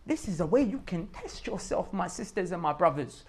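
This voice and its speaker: A man's voice: high-pitched, big pitch swings, a little fast. A man giving a casual religious reminder talk, talking in everyday slang and pressing his listeners with emphatic rhetorical questions. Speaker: Islamic preacher.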